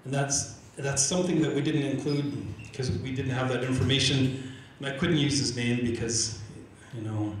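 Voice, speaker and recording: Animated male speaker in an echoey hall. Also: mid-range voice, recorded from a distance, a little hiss or hum. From Canada. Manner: animated storyteller acting out quoted exchanges; repeats words when restarting. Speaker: Indigenous organizer and speaker. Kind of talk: live public talk. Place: large event room with audience. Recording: very roomy hall echo, faint ambience.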